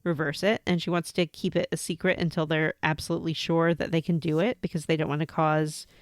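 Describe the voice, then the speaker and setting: A woman's voice: sits low, flat delivery, fairly quick, no echo, clean studio sound. A woman co-hosting a podcast, chatting casually as she retells what happened in a game. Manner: chatty, retells scenes with quoted voices. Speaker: podcast co-host.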